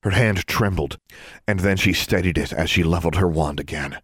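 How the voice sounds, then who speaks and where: A man narrating a fantasy story as an audiobook, in a steady, measured reading. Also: low voice, breathy edge, no room sound, clean studio sound.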